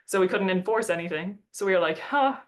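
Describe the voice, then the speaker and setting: A woman's voice: on the low side, steady tone, quick pace. A young woman giving a casual talk about her work, telling a story in a chatty way with lots of "like" and short laughs, switching into playful voices to quote others.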